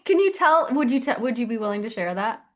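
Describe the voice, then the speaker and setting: A woman hosting a podcast interview, her voice sitting a little high, gushing with praise and quick to laugh. She talks in an effusive, chatty way. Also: expressive. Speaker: podcast host. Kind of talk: casual interview chat.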